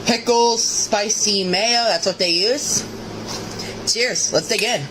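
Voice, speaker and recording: A food reviewer in a vlog clip, upbeat and giving quick ratings out of ten. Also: female voice, medium pitch. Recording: noisy clip with background ambience.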